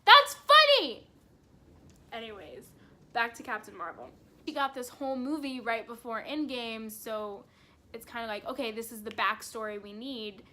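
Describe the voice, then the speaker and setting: A young woman talks straight to her audience in a casual vlog, gushing like an excitable fan and laughing between thoughts. Her voice is bright and a little high, and she swears freely. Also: normal speed. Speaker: vlogger. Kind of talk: casual movie review chat.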